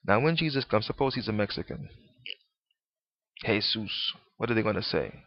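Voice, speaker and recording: A man's voice: lowish voice, lively intonation, normal speed, long pauses, no echo, highs cut off. A man in a ranting monologue, rambling and preachy, stumbling over restarts, with mocking, profane asides.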